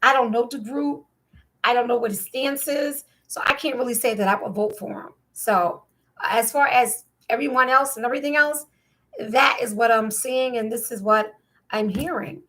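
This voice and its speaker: A woman from New Jersey talks through the news in a casual, rambling monologue. Her voice sits a little high, and she keeps stacking up incredulous questions. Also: normal speed, fairly bright tone. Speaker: podcast host.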